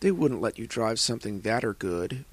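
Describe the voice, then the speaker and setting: A man voicing a brash, boastful teenage girl pilot in a fan fiction reading, raising his pitch. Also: sing-song, moderate pace, slightly rough, dry recording. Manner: boastful, snappy.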